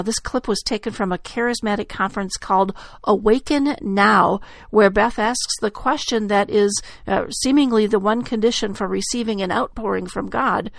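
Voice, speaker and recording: A woman giving critical commentary in a measured, deliberate way with frequent hesitations. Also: mid-range voice, creaky, no echo.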